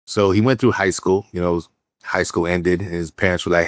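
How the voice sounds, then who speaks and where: A very deep-voiced man with a drawl tells his stories in a casual, animated way. He acts out what people said and often restarts his sentences. The recording is dry and close, with no room sound. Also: moderate pace, no room sound. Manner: animated storyteller, acts out quotes, frequent fillers and restarts. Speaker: real estate entrepreneur guest. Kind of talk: casual storytelling interview.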